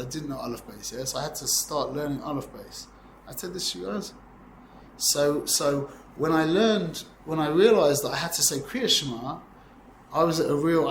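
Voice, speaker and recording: A man's voice: on the high side, a bit bright, slight background noise. Man in his forties teaching, roomy echo. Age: 40s. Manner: rambling, conversational, peppered with "yeah?" checks. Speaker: Torah teacher. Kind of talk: informal class lecture.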